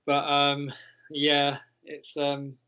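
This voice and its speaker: A man's voice: a little high, monotone, very slow, sharp tone, clean tone. A man, co-hosting a casual football podcast, rambling and wry. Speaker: podcast co-host. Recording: dull lo-fi recording.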